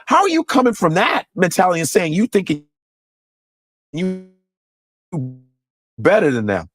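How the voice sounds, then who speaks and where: A man telling stories in a casual chat, animated and profane, laughing often and slipping into mock voices. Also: sits high, moderate pace, no room sound, clean studio sound. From United States.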